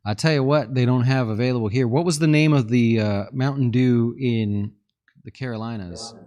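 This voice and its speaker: A man's voice: mid-range voice, moderate pace, mellow. A man hosting a live market stream, chatting casually and joking while reading viewer questions and thinking aloud over charts. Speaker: fund manager hosting a market livestream.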